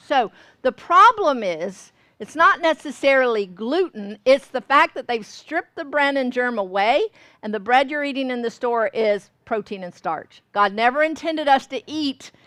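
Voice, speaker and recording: A woman's voice: on the high side, a bit bright, dry recording. A woman from Georgia, teaching a baking class in a folksy way and often checking that listeners follow. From Georgia, US South. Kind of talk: cooking class demonstration. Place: store classroom.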